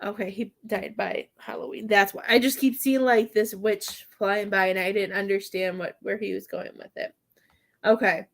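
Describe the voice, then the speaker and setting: Speaking at a normal speed with a steady tone and medium pitch, a woman delivers a psychic medium reading on a live stream. Her talk is hesitant and rambling, full of fillers, and emotion often makes her choke up.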